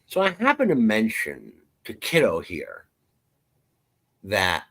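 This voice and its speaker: An adult man co-hosting a podcast, chatting casually and telling stories in a playful, animated way. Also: on the low side, slow pace, creaky. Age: adult, parent of a twelve-year-old. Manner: animated, playful storytelling with jokes. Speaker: podcast co-host. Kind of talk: casual chat.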